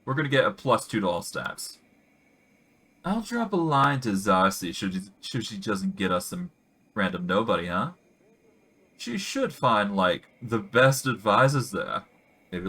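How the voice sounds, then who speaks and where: Low-voiced man musing over gameplay. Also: very animated, unhurried, bright, forceful tone, husky. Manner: musing, jokey. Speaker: streamer. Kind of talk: casual gameplay commentary.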